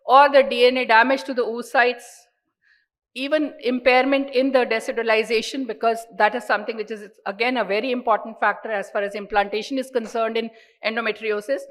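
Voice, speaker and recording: A woman's voice: fairly high pitch, a bit bright, rough recording. Indian woman giving a medical lecture. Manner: earnest, explanatory, stresses key words by repeating them. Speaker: doctor giving a conference lecture.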